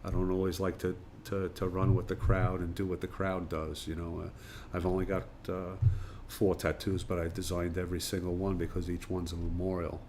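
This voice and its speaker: A man's voice: low voice, completely flat delivery, moderate pace, few pauses, a little mellow, slight background noise. A man being interviewed, a retired firefighter and pub owner, chatting through anecdotes with plenty of fillers. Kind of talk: casual storytelling interview.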